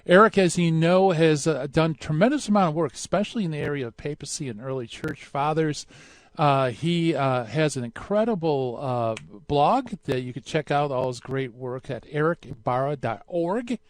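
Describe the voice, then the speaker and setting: A man's voice: on the high side, moderate pace, no room sound. A man hosting a call-in radio show, chatty and hesitant with many fillers. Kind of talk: casual call-in radio interview.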